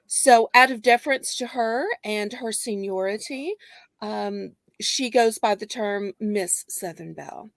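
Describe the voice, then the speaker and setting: A woman's voice: medium pitch, unhurried, gravelly, dry recording. A woman guest on a livestream chat, politely explaining her ideas at length. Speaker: guest reseller.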